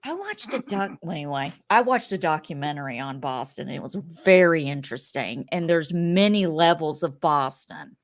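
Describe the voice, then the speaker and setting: Woman co-host, casual recap chatter, very lively pitch, laughs a lot. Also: moderate pace, hardly any pauses. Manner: animated, laughs often, acts out quotes. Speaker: podcast co-host. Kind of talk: casual reality-TV recap chat.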